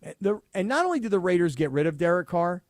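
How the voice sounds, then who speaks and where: A man co-hosting a sports talk radio show, animated and sarcastic, who slips into mocking impressions of players. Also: high voice, quick pace, dry recording, studio quality.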